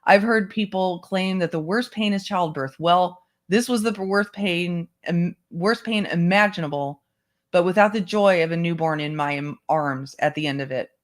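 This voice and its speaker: A book club host reads a memoir aloud to an online group, keeping a measured, even delivery in a mid-range voice. Short asides to the listeners break in now and then between passages. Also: mid-range voice. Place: home setup, online stream.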